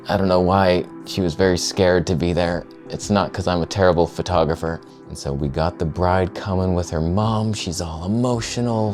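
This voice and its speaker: A man narrating his own video footage in a casual, sarcastic, self-mocking way with quick asides. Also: low-pitched, darkish tone. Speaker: photographer vlogger.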